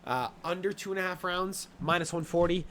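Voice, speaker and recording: Swearing freely and leaning on filler words, a young sports betting podcast host bluntly lays out his picks. His voice sits high with a fairly bright tone, he talks a little fast, and there's slight background noise.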